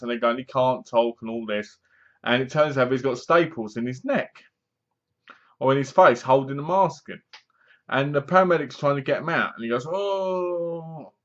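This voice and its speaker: A man's voice: medium pitch, normal speed, a bit bright. Chatty man, dull lo-fi sound. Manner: chatty, sarcastic, acts out lines in funny voices. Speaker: film reviewer. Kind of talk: casual spoken review.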